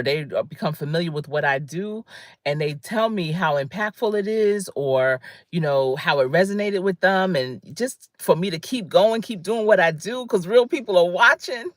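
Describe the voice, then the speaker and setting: Emphatic woman coach with a low voice. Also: dry recording, studio quality. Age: 50s. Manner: emphatic, conversational, greets viewers by name. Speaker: career coach. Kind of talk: motivational livestream talk.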